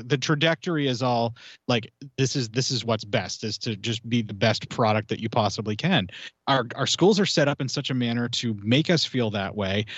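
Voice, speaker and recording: A man's voice: mid-range voice, breathy edge, no room sound, muffled recording. An American man in his forties, a podcast guest talking heatedly and swearing in casual chat. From United States. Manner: heated, swearing, rambling rants.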